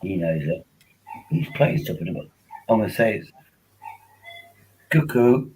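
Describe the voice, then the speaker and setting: A man's voice: on the low side, big pitch swings, a little slow, darkish tone, slight background noise, rough recording. A man hosting a casual livestream, rambling and joking while tipsy on wine, often repeating himself. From England. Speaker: livestream host.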